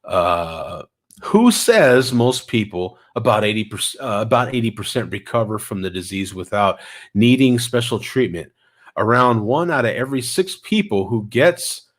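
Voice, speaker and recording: A man vlogging casually, telling stories with energy and answering viewers' chat comments, a little stuffy in the nose. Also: fairly low pitch. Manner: animated storyteller, reads and answers chat comments.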